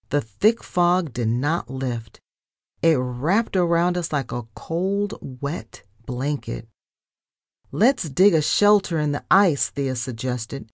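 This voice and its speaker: Woman storyteller for kids, slow and animated reading, dry close mic. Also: low-pitched, dry recording. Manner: expressive, dramatic narration. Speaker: storybook reader. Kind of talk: children's story read aloud.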